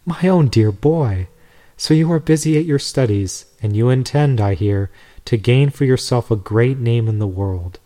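Fatherly old priest in a storybook, mellow and tender, read by a man. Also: medium pitch, moderate pace, lightly acted. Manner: tender, questioning. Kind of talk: storybook reading.

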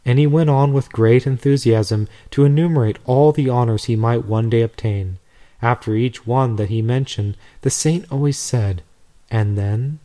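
A man reading a devotional story aloud in a measured, steady way. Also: mid-range voice. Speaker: narrator.

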